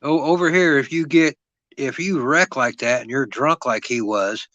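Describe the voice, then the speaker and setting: Man, co-host, bright voice, dry sound, easygoing, thinks aloud. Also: medium pitch, moderate pace, no echo, lo-fi sound. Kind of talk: casual live-stream chat.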